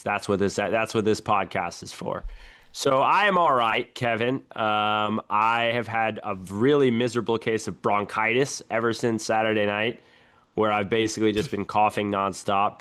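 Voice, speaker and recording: A young man hosting a casual podcast, telling his stories in a chatty, animated way. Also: lowish voice, smooth. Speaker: podcast host.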